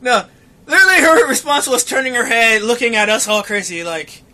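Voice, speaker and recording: A young man co-hosting a casual podcast, telling a story with lots of swearing and acting out the quotes in an animated way. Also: extremely high pitch, fairly quick. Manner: animated, profane, acts out quotes. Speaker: podcast co-host.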